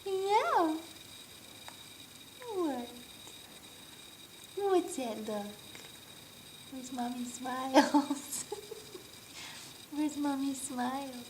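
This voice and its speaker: High-voiced mother cooing slow baby talk. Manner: cooing, sing-song, repeats questions, laughs often. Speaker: mother talking to her baby. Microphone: home video camera held by someone else. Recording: home video with clear background noise.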